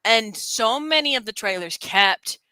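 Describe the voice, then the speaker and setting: A woman's voice: fairly high pitch, measured pace, no echo, rough recording. A woman co-hosting a casual stream, chatting about games with lots of laughter and playful quoted lines. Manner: giggly, animated, quotes lines in put-on voices. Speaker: streamer co-host.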